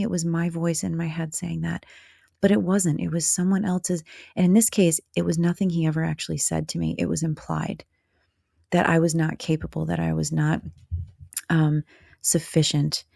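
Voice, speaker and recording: Low, gravelly-voiced woman podcaster. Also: dark tone, dry recording, clean studio sound. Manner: candid, motherly and direct, with blunt asides. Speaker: podcast host. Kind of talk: reflective podcast monologue addressed to the listener.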